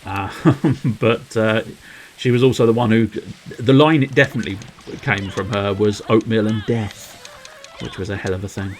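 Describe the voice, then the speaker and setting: A man's voice: on the low side, steady tone, moderate pace, darkish tone, soft background music, rough recording. A man streaming a game, rambling playfully to his viewers with cheeky innuendo. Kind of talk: casual livestream commentary.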